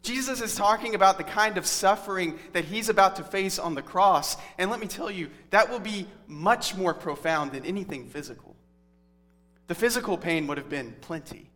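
Bright-voiced man preaching in an echoing hall. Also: high-pitched, normal speed. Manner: conversational, earnest Bible teaching. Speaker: pastor. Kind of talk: sermon. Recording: long hall reverb.

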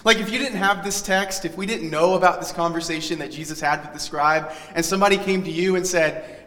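A male pastor delivering a sermon in an earnest, teacherly way, pressing key words and trailing off softly at the ends of phrases. His voice sits a little high for a man. The sound carries a long reverb, as in a church sanctuary. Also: brisk.

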